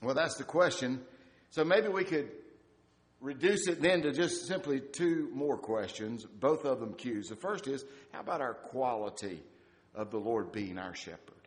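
A man preaching a sermon in a church sanctuary, telling stories and dropping to a quiet, reflective tone. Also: medium pitch, measured pace. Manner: storytelling, shifting from lively to hushed and reflective. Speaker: pastor.

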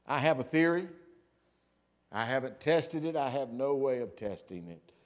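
A middle-aged man preaching a sermon, telling stories and swinging from loud declarations to hushed asides. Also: on the high side. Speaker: pastor.

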